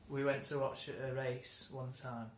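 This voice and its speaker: Relaxed man explaining words in a roomy room. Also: medium pitch, unhurried, slight background noise. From England. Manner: relaxed, explains with examples, often restarts and laughs. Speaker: English teacher. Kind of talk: conversational lesson. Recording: roomy room, faint ambience.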